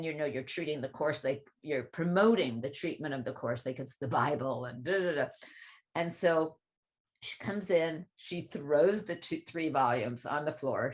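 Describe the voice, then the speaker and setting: Low-voiced woman telling a personal story. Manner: reflective, animated when quoting others. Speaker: guest speaker on spiritual teaching. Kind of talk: conversational storytelling.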